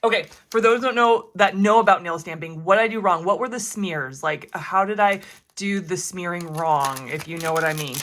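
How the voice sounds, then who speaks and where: A woman vlogging as she makes resin jewelry, chatty and excitable, often gasping and laughing as she works. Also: on the low side, moderate pace, a little hiss or hum. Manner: chatty, excitable, gasps and laughs while working. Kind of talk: casual crafting tutorial chat.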